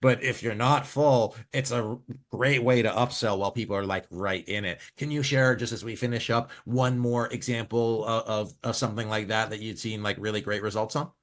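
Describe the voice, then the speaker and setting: Low-voiced male podcast host. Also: a little fast, few pauses. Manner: relaxed, frequent "like" fillers. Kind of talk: interviewing, casual.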